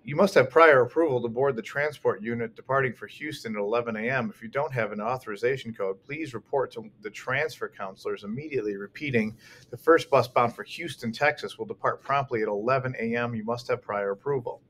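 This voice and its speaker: A man's voice: medium pitch, a little fast, fairly bright tone, lightly acted. A man doing a formal shelter announcer. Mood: announcing. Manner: formal, repetitive public announcement. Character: adult shelter loudspeaker announcer, formal and flat.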